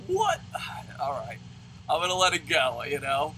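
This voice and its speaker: A man from New Jersey reviews wrestling in a fast-swinging, profane rant full of laughs and sudden high yells. His voice is bright and sits a little high, with a very lively pitch. Faint background noise sits under the recording. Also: poor audio. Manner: loud, swearing, laughing, swings into high shouts. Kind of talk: profane animated ranting review.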